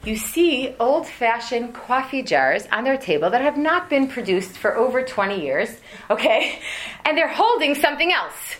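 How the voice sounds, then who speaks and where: Woman, 40s, teaching a class; slightly high voice, animated humorous storyteller. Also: normal speed. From United States. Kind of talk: religious lesson to an audience.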